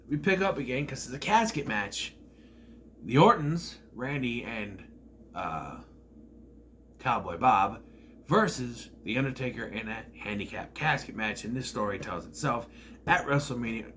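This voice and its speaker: A young man casually recapping and reviewing an old wrestling event, rambling and bursting into loud acted-out quotes. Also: mid-range voice, slight background noise.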